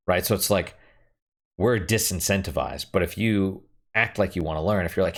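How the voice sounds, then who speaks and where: A man's voice: deep voice, normal speed. A young man chatting casually and frankly while playing a game, rambling and swearing now and then. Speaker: gaming streamer.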